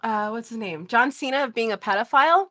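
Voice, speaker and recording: A woman in her thirties, a podcast guest, telling stories in casual chat, animated and swearing, laughing often. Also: on the high side, fairly quick. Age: 30s.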